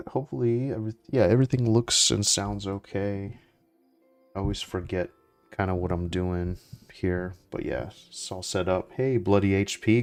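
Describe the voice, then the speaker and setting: A young man chatting casually as he plays, relaxed and rambling with lots of fillers and restarts. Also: low-pitched. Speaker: gaming streamer. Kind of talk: casual gameplay commentary.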